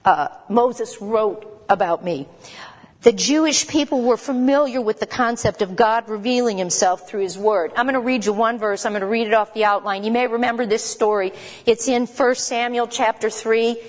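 Woman, Bible lesson teacher, conversational, emphatic, quick asides, long reverb. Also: a little high.

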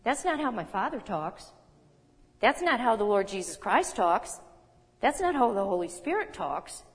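A woman in her sixties teaching a sermon in a conversational, animated way, reading scripture aloud with emphasis. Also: mid-range voice, a little slow. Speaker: Bible teacher. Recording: long hall reverb.

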